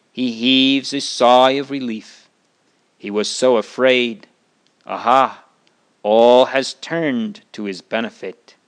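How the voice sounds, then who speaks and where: A man narrating a Bible story in a slow, earnest way, stopping to comment on the rights and wrongs of the characters. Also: medium pitch, a bit bright, clean tone. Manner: slow, earnest, moralizing asides.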